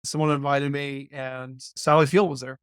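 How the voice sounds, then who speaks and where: Animated man telling a story, dry sound. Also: medium pitch, moderate pace, clean tone, no echo. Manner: animated storyteller, playful and self-deprecating. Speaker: podcast guest, former college football player. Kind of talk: casual anecdote-telling.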